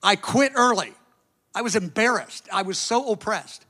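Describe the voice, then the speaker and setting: A pastor in the middle of a sermon, a man with a fairly high, bright and forceful voice. He tells his story with lots of drama, swinging from loud bursts down to quiet asides and doing the voices of the people he meets. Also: lively intonation, normal speed.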